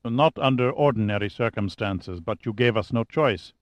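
Brief: narrator doing a cold, detached male agent, low-key menace, dry dull audiobook recording. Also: normal speed, dry recording, close to an everyday voice. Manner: cold, disinterested.

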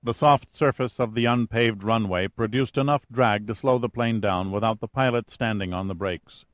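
A man narrating an audiobook with steady, even storytelling. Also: lowish voice, moderate pace, no room sound, highs cut off. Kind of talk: scripted narration.

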